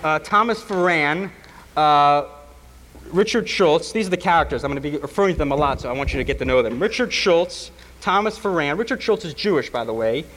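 A man who is on trial tells a university audience a mocking, animated story, full of fillers and impersonations. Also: on the high side, a little fast, in a large hall, rough recording. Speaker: trial defendant addressing students. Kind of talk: animated public speech.

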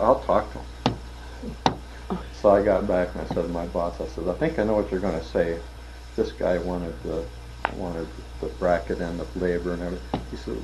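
A man's voice: low voice, fairly even intonation, brisk, dark tone, slight background noise, rough recording. An older man casually telling work anecdotes, acting out the people he quotes and laughing at his own punchlines. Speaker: interviewee telling stories. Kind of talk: casual storytelling.

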